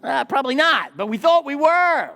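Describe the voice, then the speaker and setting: Lively older pastor in a reverberant church. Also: male voice, very high-pitched, moderate pace, vocal fry. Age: 60s. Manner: animated storytelling with rhetorical questions to the congregation. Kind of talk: sermon. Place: church sanctuary. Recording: long reverb of a church hall.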